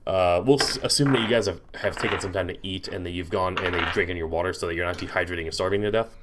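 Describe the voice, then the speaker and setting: A man's voice: deep voice, fast talker, very noisy. A man serving as game master, narrating a tabletop game in a rambling way with many restarts. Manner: rambling, full of fillers and restarts.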